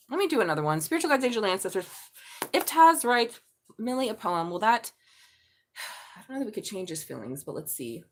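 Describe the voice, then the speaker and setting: A woman's voice: fairly high pitch, sing-song, fast talker, a bit bright, slight background noise. A middle-aged woman reading tarot on a casual live stream, blunt and chatty, swearing freely. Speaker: tarot reader.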